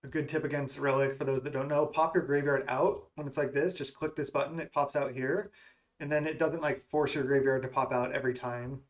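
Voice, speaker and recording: Gaming creator, male, mid pitch, casual running commentary on his own play. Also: fairly even intonation, fairly quick. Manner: musing, self-questioning strategy talk. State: has the hiccups. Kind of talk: thinking aloud during card game play.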